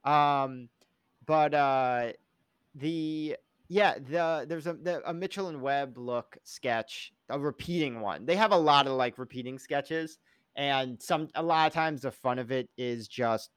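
A man co-hosting a casual podcast, rambling and joking, often slipping into loud comic impressions. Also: medium pitch, unhurried, clear, resonant tone, no room sound. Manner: rambling, jokey, slips into loud comic voices. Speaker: podcast co-host. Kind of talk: casual chat reviewing a TV show.

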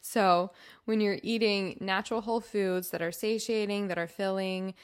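A young adult woman co-hosting a casual podcast, with a voice of middling pitch. She talks thoughtfully and carefully, hedging her opinions and sprinkling in "like". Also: steady tone, moderate pace, clear, resonant tone. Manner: careful, qualifying, thoughtful with many "like"s. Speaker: podcast co-host.

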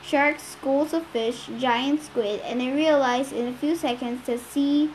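High-voiced woman reading a novel aloud. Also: fairly even intonation, unhurried, slight background noise, low-quality recording. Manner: occasional stumbles and restarts. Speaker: reader.

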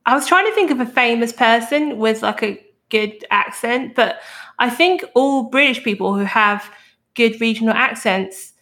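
A woman hosting a true crime podcast, telling the story in a casual, animated way and swearing now and then. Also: a little high, moderate pace.

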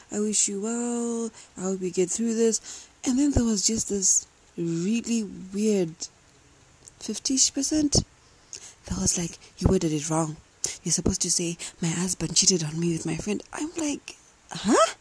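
A woman's voice: lowish voice, mellow, breathy edge, poor audio. A young woman hosting a podcast, ranting in a casual, emphatic way and swearing freely. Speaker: podcast host. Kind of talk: casual rant.

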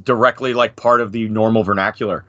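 A man's voice: on the low side, fast talker, dry recording, muffled recording. A man in his thirties from New Jersey with an American accent, a podcast guest chatting casually, swearing a lot and rambling through his stories. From New Jersey, USA. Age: 30s. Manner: profane, rambling, lively impressions. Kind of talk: casual chat.

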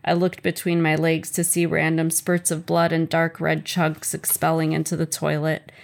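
A woman reading a chapter of her own memoir aloud in a measured, earnest first-person voice. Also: deep voice, completely flat delivery, gravelly.

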